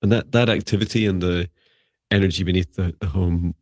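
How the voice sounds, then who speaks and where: A man co-hosting a live-stream psychic reading, giving gentle, rambling spiritual advice with many fillers. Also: low-pitched, fairly even intonation, a little fast, no room sound. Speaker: psychic mentor and co-host.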